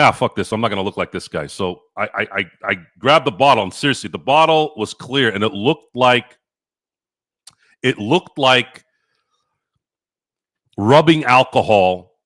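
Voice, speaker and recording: Profane, animated man telling a story. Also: mid-range voice, dry recording, studio quality. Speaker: podcast host. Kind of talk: casual livestream chat.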